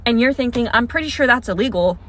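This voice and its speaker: A young adult woman tells a story about herself casually, in the second person, with a bright, forward tone. She laughs now and then as she talks. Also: on the high side, expressive, fast.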